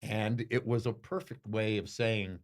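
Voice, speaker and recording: An older boxing commentator answers interview questions, telling stories slowly and reflectively with emphatic pauses. His voice sits low and his tone stays steady.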